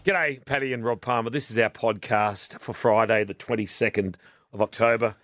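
A middle-aged Australian man co-hosting a breakfast radio show, chatting excitably and rambling with his co-hosts in the studio. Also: lowish voice, moderate pace, faint music behind. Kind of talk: casual radio banter. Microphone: studio microphone.

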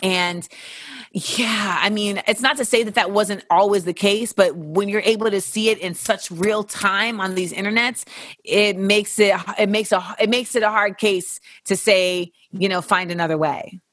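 A young adult woman hosts a show, answering listener questions frankly and casually with plenty of profanity, acting out the voices of the people she quotes. Her mid-range voice is steady, unhurried, and fairly bright, recorded cleanly in a studio with no room sound.

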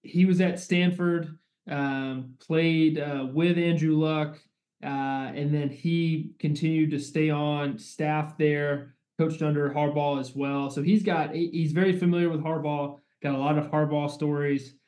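A quarterback co-hosting a casual sports podcast, talking in a measured way with fillers. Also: male voice, a little high, flat delivery, darkish tone. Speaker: podcast co-host, college quarterback.

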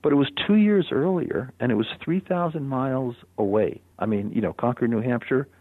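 An older man, a radio guest, telling a personal story in a reflective, animated way with soft chuckles. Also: mid-range voice, fairly quick, breathy edge, no echo. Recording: phone-line radio interview.

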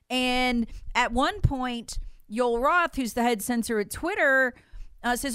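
A woman's voice: sits high, moderate pace, fairly bright tone, clear, resonant tone, no echo. A woman hosting a political talk radio show, speaking in an impassioned, emphatic and mocking way into a studio mic.

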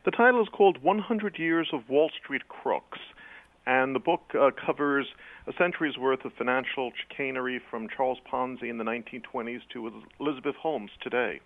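Male author guest calling in, phone-quality audio, measured and filler-heavy. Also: medium pitch. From New York City. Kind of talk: phone-in radio interview. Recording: tinny phone line.

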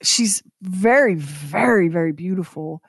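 Woman radio co-host, animated and chatty, dry booth sound. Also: on the low side, measured pace, slightly rough, no room sound. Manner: chatty, dramatic, laughs often. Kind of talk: casual radio chat.

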